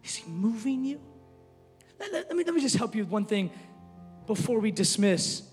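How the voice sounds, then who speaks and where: A man with a high voice preaches to his congregation, leaning on casual fillers and jokes. He jumps from shouted highs to quiet, near-whispered asides. The sound rings with the long reverb of a church hall, with soft music underneath. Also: moderate pace. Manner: animated, jokey, uses casual filler. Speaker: pastor. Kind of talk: sermon.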